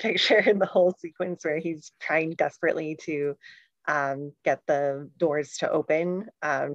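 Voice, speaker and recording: A woman as a podcast guest in casual chat, speaking in a measured way with light laughs. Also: deep voice, no echo, highs cut off.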